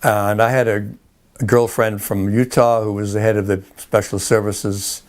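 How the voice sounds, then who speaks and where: Older guy rambling thru his army days, chuckles a lot, lowish voice. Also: little pitch movement, normal speed. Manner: rambling, chuckling storyteller with many restarts. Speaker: interviewee. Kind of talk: oral history interview.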